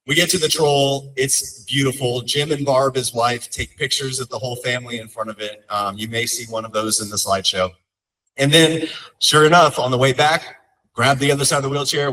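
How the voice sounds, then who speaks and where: Son telling stories at a memorial. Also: male voice, mid-range voice, a bit bright, far from the mic, low-quality recording. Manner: heartfelt, conversational storytelling with light humor. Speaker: son giving a eulogy. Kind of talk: memorial eulogy storytelling.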